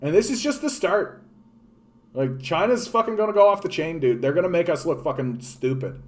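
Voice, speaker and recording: A Canadian man delivers a solo political rant in a fairly high voice. He is sarcastic and profane, and he slips into mocking put-on voices. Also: animated, moderate pace. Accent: Canadian English. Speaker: political commentator. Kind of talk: ranting solo commentary.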